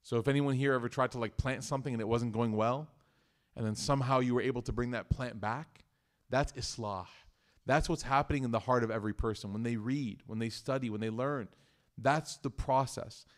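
A man's voice: mid-range voice, brisk. A man leading a community study circle, giving a casual religious talk that mixes teaching with personal stories. He speaks conversationally and jokes, often restarting his sentences. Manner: conversational and joking, with frequent restarts.

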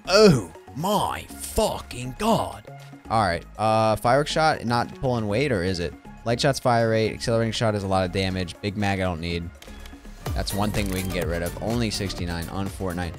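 A man streaming a game, joking and rambling to himself in casual gameplay commentary. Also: lowish voice. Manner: joking, rambling, self-talking while playing. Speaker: gaming streamer. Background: game music.

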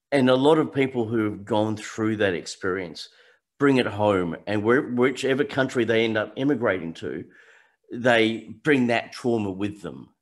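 A man hosting an interview, chatting casually and repeating words as he thinks aloud. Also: fairly low pitch. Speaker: podcast host interviewer.

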